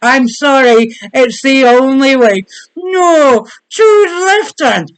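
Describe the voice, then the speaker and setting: A man's voice: very high voice, takes it slowly, a bit bright, no echo, voice pushed up, exaggerated voice, rough recording. A man voicing his own talking right hand, pleading theatrically in a mock Spanish accent.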